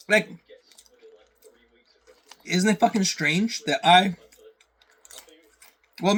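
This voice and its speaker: A man's voice: sits high, fairly bright tone. A man from Canada ranting casually to camera, rambling and profane, repeating his phrases over and over. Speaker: vlogger.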